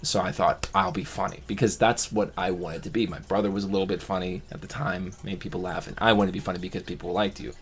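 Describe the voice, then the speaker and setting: Deep-voiced man telling a personal story. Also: fairly even intonation, fast talker, few pauses. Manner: reflective, rambling with restarts. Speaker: vlogger.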